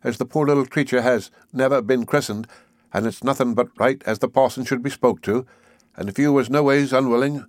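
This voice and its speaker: A warm-hearted village housewife chatters on in homely, earnest speech, as a male audiobook reader puts her on. The voice sits a little above his own middle pitch. It is recorded dry and close, with no room around it. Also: dry recording, close to an everyday voice. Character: kindly talkative village housewife, middle-aged. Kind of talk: audiobook character voice.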